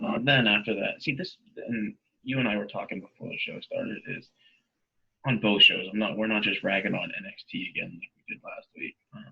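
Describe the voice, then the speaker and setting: Gravelly laid-back man, lo-fi mic. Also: low-pitched. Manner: laid-back, lots of "um" and "you know". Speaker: podcast co-host. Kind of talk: casual wrestling podcast chat.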